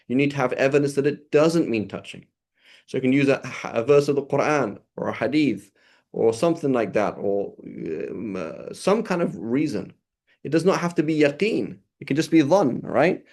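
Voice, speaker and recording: A man teaching a class on an Arabic legal text. He reads Arabic quickly, explains it in English, restarts sentences often and keeps checking whether the students follow. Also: medium pitch, animated, a little mellow. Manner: explanatory, often checks understanding with "right?" and "okay?"; hesitant restarts and fillers while searching for words. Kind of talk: classroom lecture.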